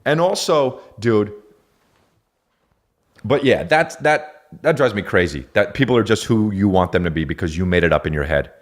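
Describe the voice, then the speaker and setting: Deep-voiced man ranting with profanity. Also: lively intonation, a little fast, few pauses. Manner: profane, rambling, stammers and restarts. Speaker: podcast host. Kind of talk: casual comedic rant.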